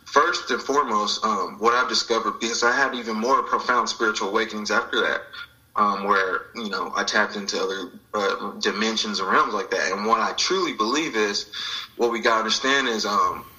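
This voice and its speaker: A man's voice: lowish voice, a little fast, pushed and bright, rough recording. A man sharing a personal spiritual story in an interview, reflective and acting out the voices of people he quotes. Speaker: guest.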